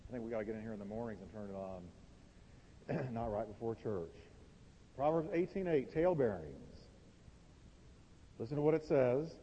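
A man preaching a sermon from the pulpit, emphatic, swinging between loud and quiet lines. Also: medium pitch, expressive, moderate pace, pauses often, slight background noise. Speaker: pastor. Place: warm church sanctuary. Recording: dull, reverberant church recording.

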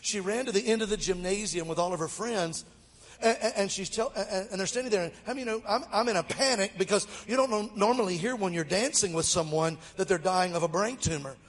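A man's voice: high-pitched, fairly quick. A middle-aged man from Alabama, telling a funny story in a sermon as a guest speaker and joking with the audience. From Mobile, Alabama, US. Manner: lively, jokes with the audience. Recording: long reverb of a large hall.

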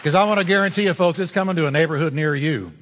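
High-voiced preaching man, echoing hall. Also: rapid-fire, fairly bright tone, some chatter behind, slight background noise. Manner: emphatic, insistent preaching with direct address. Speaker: pastor. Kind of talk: sermon. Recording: long hall reverb.

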